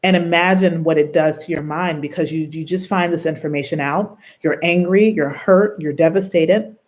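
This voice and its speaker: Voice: medium pitch, fairly even intonation, moderate pace. A show host giving earnest, reflective advice on trauma bonds in a conversational way, drawing on personal experience and often checking in with the listener. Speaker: host of a healing and self-help show.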